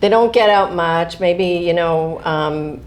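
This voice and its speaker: Middle-aged woman author, casual and animated interview guest. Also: on the low side, takes it slowly. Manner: animated, laughs often, talks in asides and restarts.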